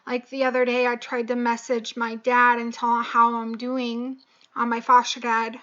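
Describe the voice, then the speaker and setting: A young woman speaks slowly in a fairly high, bright voice, her delivery flat and halting with frequent pauses. She sounds tearful and choked up as she confides in a personal vlog. The recording is dull and lo-fi. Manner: slow, halting and emotional, with many pauses and fillers. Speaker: vlogger.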